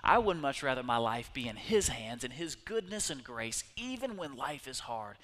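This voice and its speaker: A middle-aged male pastor preaching a sermon, animated and conversational, speaking directly to his congregation. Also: medium pitch, normal speed, few pauses.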